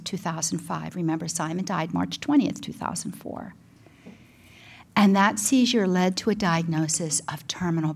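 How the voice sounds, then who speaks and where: An older woman giving an emotional spoken testimony, preaching at times in a near whisper, with a husky voice. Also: lowish voice. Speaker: Catholic speaker and broadcaster. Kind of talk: sermon.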